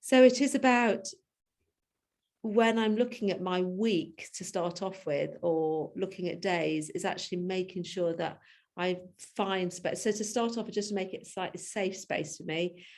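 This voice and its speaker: A woman's voice: fairly low pitch, a little slow, darkish tone. A woman in her fifties, a coaching client who talks things through openly, laughing often and trailing off to restart her thoughts. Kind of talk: reflective conversation.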